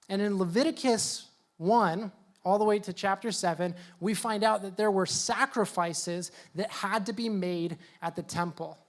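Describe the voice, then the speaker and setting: A youth pastor preaching to young people in a casual, joking, conversational way. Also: male voice, high voice. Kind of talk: youth sermon.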